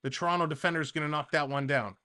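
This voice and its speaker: A man with a rather high voice talks very fast while hosting a live hockey stream. He calls the play-by-play and reads viewer comments between calls, chatting with the audience in a chatty, excitable way.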